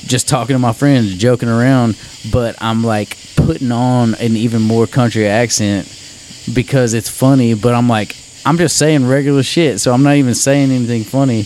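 A man's voice: mid-range voice, fairly even intonation, moderate pace, darkish tone, a little hiss or hum, rough recording. A man with a Central Louisiana drawl, talking casually and emphatically, swearing freely and rambling as he makes his point. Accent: Central Louisiana Southern drawl. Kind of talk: casual chat.

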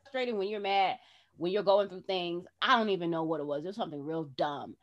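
A woman's voice: on the low side, brisk, muffled recording. Fields: Sex: woman. Role: chatty podcast host. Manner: expressive, acts out her own past words. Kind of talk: casual heart-to-heart chat.

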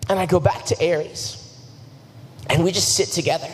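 A man's voice: a little high, fairly even intonation, normal speed. Young male preacher in a reverberant hall. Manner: earnest, casual and self-deprecating. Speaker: youth preacher. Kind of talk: sermon with personal storytelling. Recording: long hall reverb, faint noise.

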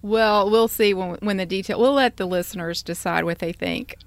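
A woman co-hosting a chatty podcast, her voice at a middling pitch and recorded dry and close. She tells stories in an animated way and gets audibly exasperated. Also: normal speed, no room sound. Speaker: podcast co-host. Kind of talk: casual chat.

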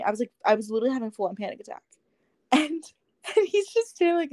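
Another young podcast co-host, slightly high-voiced, animated and a little mellow, rattles off a casual story at a quick pace. She acts out the dialogue with plenty of "like"s, in studio-quality audio with no room sound.

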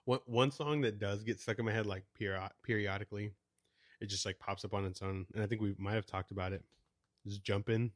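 A young man co-hosts a music podcast in casual chat, laid-back, swearing freely and laughing often. His fairly low voice keeps a steady tone at a little fast pace, with clean studio sound and no echo.

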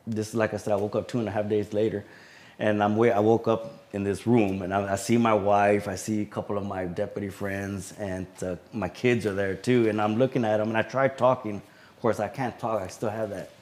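Man recounting an ordeal, slightly low voice. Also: steady tone, a little mellow. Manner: halting recounting with frequent fillers. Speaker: sheriff's deputy guest. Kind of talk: casual interview storytelling.

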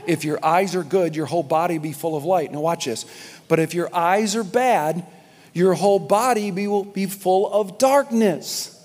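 A man's voice: high-pitched, normal speed, a little mellow. A man preaching a sermon in a church, speaking emphatically, repeating key lines and addressing the congregation directly. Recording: long reverb of a large hall.

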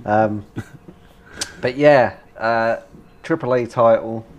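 A man's voice: mid-range voice, slow, muffled recording. Laughing British man chatting about games. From Britain. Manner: animated, laughs while talking, many fillers. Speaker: podcast co-host. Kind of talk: casual gaming chat.

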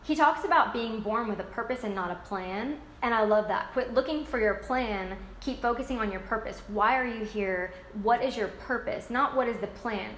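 A woman with a slightly high, fairly bright voice retells a book's story at normal speed with few pauses. Her casual recap is enthusiastic and gushing, recorded with an echoey room sound and faint ambient noise.

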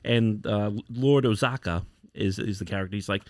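A man's voice: on the low side, normal speed, darkish tone, no echo. A man co-hosting a podcast, casually retelling a comic's story with lots of fillers and acted-out quotes. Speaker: podcast co-host. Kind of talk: casual chat.

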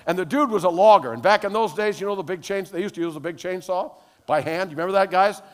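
An older male pastor preaches with lively stories and sudden loud exclamations. His voice sits fairly high for a man, and it rings with the long reverb of a large hall. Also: fast talker. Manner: animated storytelling, rising to loud exclamations. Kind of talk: sermon with personal stories.

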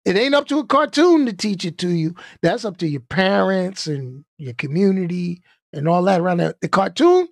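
A man giving live-stream commentary in an animated way, stopping often to add "okay?" and "all right?" for emphasis. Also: high-pitched, normal speed, creaky, dry recording, studio quality.

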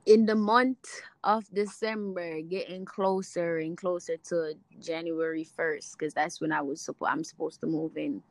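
A young woman with a Jamaican accent telling a faith testimony in an animated way, acting out the voices in her story and laughing easily. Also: lowish voice, normal speed, no echo, rough recording. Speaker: guest sharing a testimony.

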